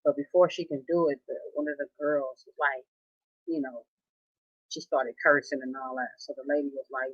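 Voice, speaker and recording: A woman telling a story in a casual, animated way, often repeating herself and quoting what people said. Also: rumbling low, normal speed, slightly rough, dry recording, lo-fi sound. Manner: animated, conversational, repeats herself, quotes others. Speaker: storyteller recounting a casino dispute.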